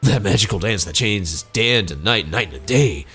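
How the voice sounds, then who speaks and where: A man's voice: on the low side, expressive, moderate pace, sharp tone, faint music behind. A man voicing a flamboyant, vain male dancer while playing a video game. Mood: theatrical. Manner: theatrical and grandiose. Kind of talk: let's play voicing game dialogue.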